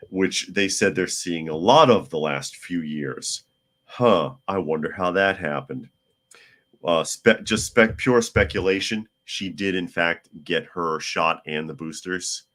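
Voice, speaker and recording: A hoarse man hosting a casual news talk podcast, chatty with wry asides. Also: rumbling low, fairly bright tone. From United States. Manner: chatty, wry asides, talks to his cat. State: hoarse from a cold. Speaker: podcast host.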